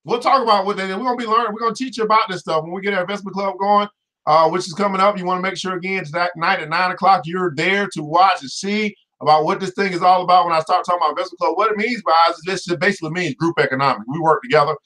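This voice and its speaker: Energetic bright-voiced male show host. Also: high voice, racing. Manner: energetic, preachy, exclamatory asides. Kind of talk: casual finance show talk.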